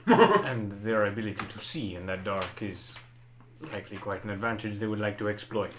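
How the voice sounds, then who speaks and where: A man playing a tabletop game who speaks formally and calmly in character. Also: on the low side, moderate pace, a little hiss or hum. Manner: formal, composed in-character speech. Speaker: player. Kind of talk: in-character tabletop role-play. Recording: roomy echo.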